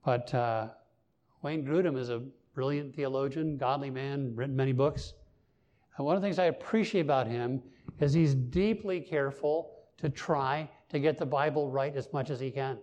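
In a darkish, mid-range voice at normal speed, a male pastor preaches earnestly. He is emphatic throughout, with rising stresses as he raises his voice on the key points.

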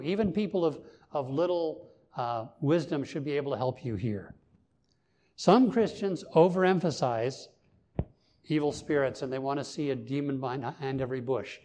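The speaker is a male pastor whose medium-pitched voice is a little mellow and moves at normal speed. He preaches earnestly and with emphasis, his voice climbing on the main points.

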